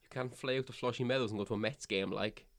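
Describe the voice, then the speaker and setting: A man's voice: medium pitch, fairly even intonation, fast talker, a bit bright. A man with a Cork Irish accent, chatting casually as a podcast co-host and rambling through many fillers and restarts. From Ireland. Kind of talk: casual chat.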